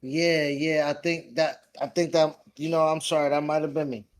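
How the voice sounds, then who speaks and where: A man's voice: a little high, flat delivery, normal speed, a little hiss or hum. A man co-hosting a casual podcast, talking hesitantly with lots of fillers. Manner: hesitant, apologetic, filler-heavy. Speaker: podcast co-host.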